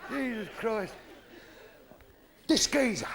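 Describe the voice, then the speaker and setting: A man's voice: very high-pitched, expressive, slow, background noise. A man in his fifties with a London Cockney accent telling bawdy jokes in live stand-up, acting out the people in his stories in changing voices. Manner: gravelly, bawdy, acts out characters in shifting voices. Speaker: stand-up comedian. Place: theatre stage with live audience. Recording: live theatre recording with audience laughter.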